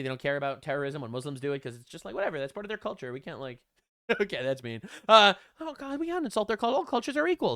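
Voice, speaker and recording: A man's voice: a little high, a bit bright, dry recording, studio quality. A man doing reaction commentary, sarcastic and mocking, often laughing at what he reads. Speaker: online political commentator.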